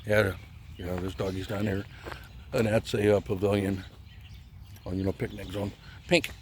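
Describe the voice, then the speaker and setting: A man casually vlogging on a riverside walk with his dog, chatting to viewers and cooing to the dog, sometimes hushed. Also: lowish voice, level tone, moderate pace, slight background noise. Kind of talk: casual walking vlog. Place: outdoors on a riverside trail. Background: faint birds and outdoor ambience.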